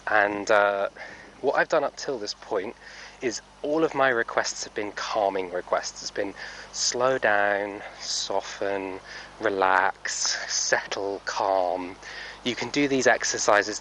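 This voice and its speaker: Bright-voiced man rambling thoughtfully. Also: lowish voice, takes it slowly, a little hiss or hum, rough recording. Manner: thoughtful, rambling, many fillers and self-corrections. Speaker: horse trainer. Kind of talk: casual vlog while working a horse.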